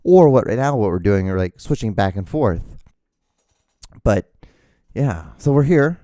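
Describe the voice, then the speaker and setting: A man hosting his own podcast, rambling excitedly about gear with lots of fillers and restarts, out of breath. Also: fairly low pitch, a little slow, dry recording, studio quality. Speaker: host. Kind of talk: casual solo podcast rambling. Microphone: camera mic, speaking to camera.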